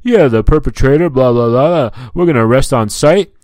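A man putting on the voice of a self-important male state trooper blabbing through a phone report, halting and full of fillers. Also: medium pitch, a little mellow, no echo, pitched above the performer's own voice, natural voice.

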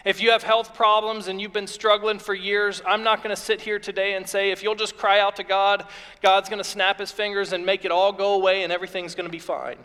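A man's voice: high-pitched, level tone, a little fast, sharp tone, clear, resonant tone. A man preaching a sermon as pastor, earnest and repetitive in his phrasing. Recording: long reverb of a hall.

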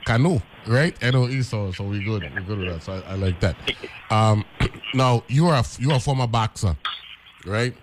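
Low-voiced radio host. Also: male voice, moderate pace, noisy background. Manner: rambling, repeats words, asks with "right?". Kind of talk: casual radio chat.

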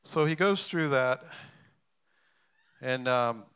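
Man pastor, sermon delivery, bright and clear voice, talky and animated. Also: mid-range voice, slow pace. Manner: conversational, animated, with restarts and asides.

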